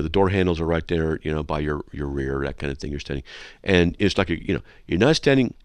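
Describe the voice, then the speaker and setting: A male talk radio host with a fairly low voice that swoops up and down with great animation. He lectures in a sarcastic, mocking tone. He is recorded dry and close in a studio. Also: dry recording. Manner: sarcastic, lecturing, reads listener emails aloud. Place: radio studio with a control room window.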